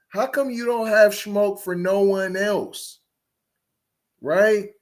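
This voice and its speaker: Male podcast host, confrontational, fires off rhetorical questions; pitch on the high side, very lively. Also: slow. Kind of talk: reaction commentary.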